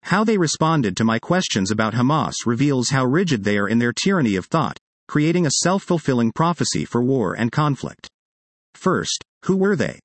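Man reading an article with lively pitch. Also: brisk, no room sound. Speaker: article reader. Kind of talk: reading an opinion article aloud.

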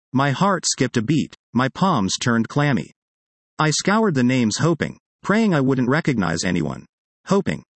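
A middle-aged man, a history professor, reading his own personal essay aloud in a measured, earnest way with deliberate pauses. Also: mid-range voice, no echo.

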